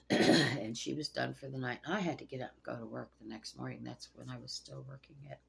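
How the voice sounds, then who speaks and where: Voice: medium pitch, steady tone, fairly quick, gravelly, slightly rough. A person in their sixties telling a rambling, emotional late-night personal story, swearing often.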